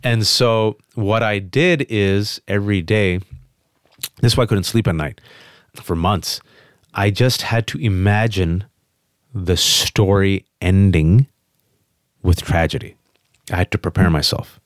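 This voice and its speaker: A man's voice: on the low side, dry recording, clean studio sound. Emphatic man telling a personal story. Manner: emphatic, fast restarts, animated quotes. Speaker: guest on a podcast.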